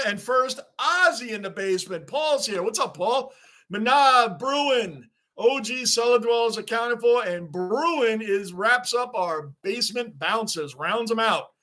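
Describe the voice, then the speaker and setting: A man's voice: high voice, fairly bright tone. A man hosting a live sports reaction stream, chatting with viewers, greeting them by name and ranting about the game.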